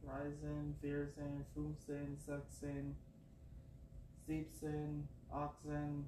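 A man's voice: completely flat delivery, slow pace. A man making dry, offhand remarks from off mic in a casual podcast. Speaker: host's husband. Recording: faint voice from off mic, low hum.

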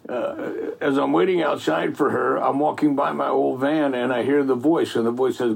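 A man's voice: mid-range voice, fairly even intonation, normal speed, creaky, husky. A middle-aged man telling faith stories in a rambling, folksy way, full of "man" and "you know". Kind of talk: casual faith storytelling.

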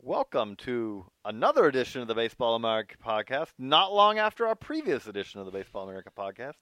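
A man's voice: medium pitch, sing-song, quick pace, bright, forceful tone, no echo. Male podcast host, easygoing, hedging chat, dry close sound. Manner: easygoing, hedging, repeats himself. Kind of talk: casual sports chat.

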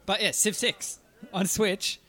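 Bright, slightly high man reading news. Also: steady tone, no room sound. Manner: halting, with filler words and restarts. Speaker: podcast co-host reading news. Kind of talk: casual news rundown.

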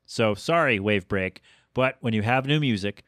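A man in his thirties hosting his own podcast, rambling quickly and cutting himself off mid-sentence. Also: on the low side, a bit bright, no echo, studio quality. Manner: fast, self-interrupting, chatty. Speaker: podcast host. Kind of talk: rambling solo podcast monologue.

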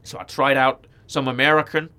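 A young British man in casual chat, telling stories with lively acted-out quotes. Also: mid-range voice, normal speed, clean tone. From Britain.

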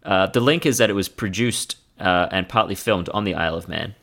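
A man co-hosting a podcast in casual comedic chat, with a dry, deadpan way of joking. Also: deep voice, brisk. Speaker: podcast co-host.

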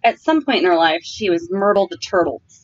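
A woman co-hosting a podcast, chatting casually and telling stories in a warm-hearted, talkative way. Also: fairly low pitch, expressive, fairly quick. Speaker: podcast co-host. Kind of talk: casual chat. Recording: dull, lo-fi sound.

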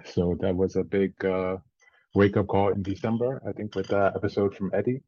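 A man's voice: deep voice, little pitch movement, moderate pace, warm tone, no room sound, muffled recording. A man from Central Virginia with a slightly French-tinged accent, chatting casually as a podcast guest, laughing often and swearing easily. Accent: slightly French-tinged mix. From Central Virginia, USA. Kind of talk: casual interview chat.

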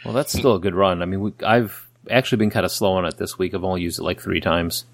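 A man co-hosting a casual podcast, jokey and quick to laugh. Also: low-pitched, steady tone, dry recording. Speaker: podcast co-host.

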